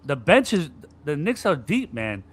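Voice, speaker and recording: Fairly high in pitch and unhurried, a man co-hosts a sports podcast with casual, animated talk about basketball. He imitates frustrated players, cursing as he acts out their griping.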